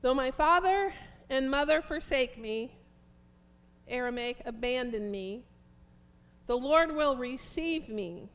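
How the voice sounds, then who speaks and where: A woman preaching with a high voice, reading scripture and praying aloud. She speaks slowly and emphatically, leaning into each phrase with fervent conviction. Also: animated. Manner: fervent, prayerful, slow and emphatic.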